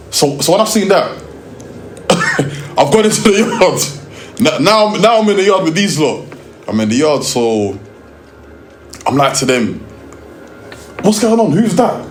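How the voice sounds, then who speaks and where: Young london guy, slangy, keeps restarting, roomy room, bit of music behind. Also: a little high. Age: young adult. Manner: lively, slang-heavy, restarts often. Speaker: music video director. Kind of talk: storytelling interview.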